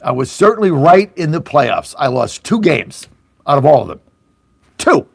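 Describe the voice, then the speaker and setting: Fired-up, high-pitched angry talk host. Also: male voice, big pitch swings, normal speed, creaky, husky, dry recording. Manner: angry, sarcastic, mocking voices of opponents; blunt, swears, repeats for emphasis. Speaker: radio talk show host. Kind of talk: fiery political talk radio rant.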